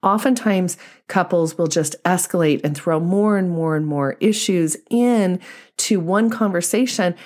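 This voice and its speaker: Low-voiced woman therapist explaining. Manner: explanatory, spells out examples step by step. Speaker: couples therapist. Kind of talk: instructional talk to camera.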